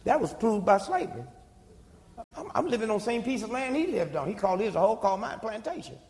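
A man's voice: high voice, big pitch swings, fast talker, a little mellow. An older man, giving a preaching-style public talk full of rhetorical questions and call-and-response. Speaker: speaker at a community talk. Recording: long hall reverb.

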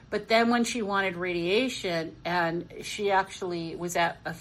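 Earnest woman with a low voice. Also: fairly bright tone, rough recording. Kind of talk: recounting a case in conversation.

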